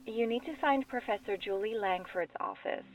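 A woman voicing a calm female guide who explains things to the hero over the radio, in a matter-of-fact way. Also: a little high, normal speed, a little hiss or hum, natural voice. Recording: distant-sounding voice.

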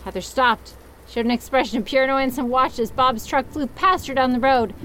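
A woman's voice: sits high, fairly quick, a bit bright, slight background noise. A young woman reading a story aloud and mocking it with sarcastic, swearing asides. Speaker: story reader.

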